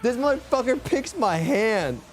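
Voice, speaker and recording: A young man streaming live, telling a story casually, animated and full of profanity. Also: extremely high pitch, a little slow. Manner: profane, animated, heated retelling.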